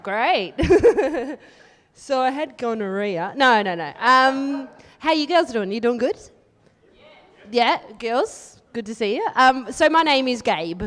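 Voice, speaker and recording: An Australian woman doing a live stand-up set, chatty and teasing the crowd, with deadpan asides. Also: high-pitched. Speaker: stand-up comedian. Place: live comedy venue. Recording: live room with long reverb.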